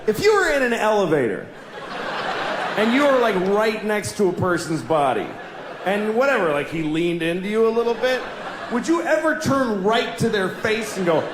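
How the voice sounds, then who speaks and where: A man doing a stand-up routine, ranting at himself in an exasperated, self-mocking way, bursting into yells. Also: high voice, big pitch swings, normal speed. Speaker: stand-up comedian. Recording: echoey room with loud ambient noise.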